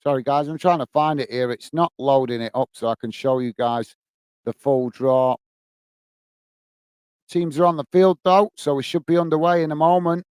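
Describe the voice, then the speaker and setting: A man's voice: fairly high pitch, moderate pace, darkish tone, clear, resonant tone, no room sound. A man hosting a live football watch-along, chatting casually, reading out viewer comments and thanking them by name, easily frustrated. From England. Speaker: football channel host.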